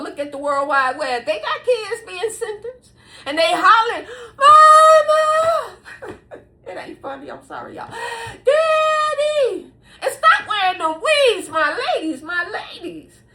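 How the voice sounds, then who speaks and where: A middle-aged woman giving viewers blunt advice in a casual monologue, preachy and animated, often laughing mid-sentence and calling out to them as y'all. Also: sits high. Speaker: vlogger.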